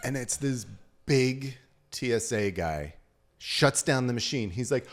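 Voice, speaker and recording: A middle-aged man hosting a podcast, telling stories in casual chat, swearing often and acting out other people's lines loudly. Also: medium pitch, measured pace. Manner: animated storyteller, swears, acts out quotes loudly. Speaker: podcast host.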